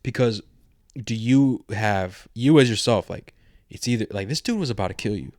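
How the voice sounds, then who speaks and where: A man's voice: lowish voice, expressive, moderate pace, a little mellow, no room sound, clean studio sound. Slangy man chatting on a podcast. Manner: slangy, rambling, retells scenes with quoted lines. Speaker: podcast co-host. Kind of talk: casual chat.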